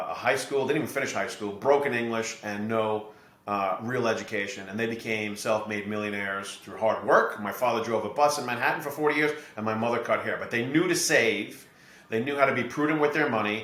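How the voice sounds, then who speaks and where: A middle-aged man from New Jersey, a podcast guest and real estate investor, explaining his ideas through steady anecdotes. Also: fairly low pitch, a little fast. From New Jersey, USA. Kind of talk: podcast interview storytelling. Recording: echoey room.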